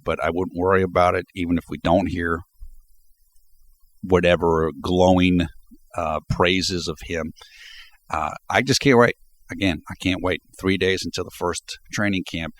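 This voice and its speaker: A man with a notably low, deep voice talks to his viewers in a loose vlog style. He speaks off the cuff and reflects as he goes. He delivers sports commentary at an easy pace. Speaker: sports video blogger. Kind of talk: casual spoken commentary.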